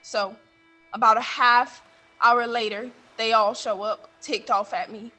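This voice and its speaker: A woman playing a blunt middle-aged man who runs a coastal mission, telling his story on stage and getting heated and loud. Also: fairly high pitch, fairly even intonation, measured pace, faint music behind. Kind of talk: stage monologue from interviews.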